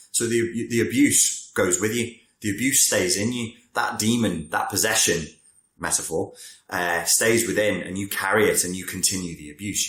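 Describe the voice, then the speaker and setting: A man's voice: low voice, fairly bright tone, echoey room. A man, a therapist talking casually to camera about personality traits, digressive and wry. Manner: conversational, digressive, wry asides. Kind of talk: talking-head explainer.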